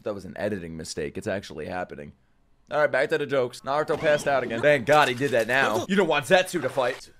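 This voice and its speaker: A man reacting to an anime episode live, excitable and swearing a lot as he talks back at the screen. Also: mid-range voice, fast talker, noisy background.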